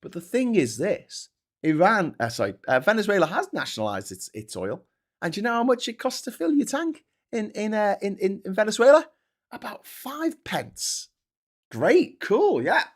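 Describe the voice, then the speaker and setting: British guy ranting about politics, highish voice, swears a lot, sarcastic and goading. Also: huge pitch swings, normal speed. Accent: British English. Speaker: host. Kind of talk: casual political commentary.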